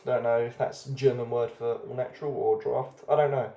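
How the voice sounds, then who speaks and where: A man's voice: mid-range voice, flat delivery, fairly quick, gravelly, mellow, roomy sound, dull audio. A man hosting a casual beer review video, chatty and rambling, often hesitating as he goes.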